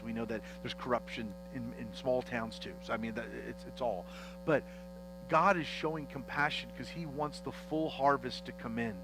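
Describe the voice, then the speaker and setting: A man preaching a teaching sermon as pastor, animated and joking as he acts out the dialogue of a Bible story in church. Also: mid-range voice, rough recording.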